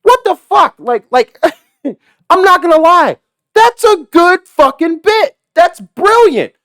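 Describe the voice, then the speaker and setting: Brief: male delivery driver, profane storyteller, big pitch swings, dry close sound. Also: slow, dry recording. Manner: swears constantly, animated, laughs at his own story.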